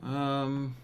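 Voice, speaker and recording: A man presenting a live software workshop, walking through settings on screen while thinking aloud and checking in with listeners. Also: mid-range voice, slight background noise. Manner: thinks aloud, frequent "right?" check-ins.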